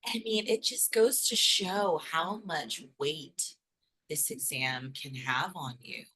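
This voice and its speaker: A woman interviewer with a very low voice and a bright, sharp tone. She reacts in a warm, affirming way and asks her questions with hesitant ums. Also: takes it slowly, husky. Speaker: host, exam coach.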